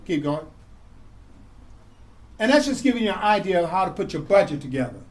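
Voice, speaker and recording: A high-pitched man with big pitch swings and rapid-fire delivery runs a grant-writing class in a community classroom. He quizzes students call-and-response style, asking "what?" before answering himself and repeating key words, and the recording quality is low.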